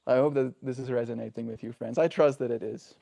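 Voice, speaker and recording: A man's voice: medium pitch, fairly even intonation, quick pace, gravelly, dark tone. A man talking earnestly and reflectively on a daily livestream, often checking in with the listener. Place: home.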